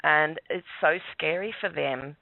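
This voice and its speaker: A man's voice: a little high, a little slow, vocal fry, no room sound. Man rambling his story over a phone line. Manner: rambling, self-mocking, chuckles often. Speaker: guest caller. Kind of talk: casual storytelling. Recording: tinny dry phone line.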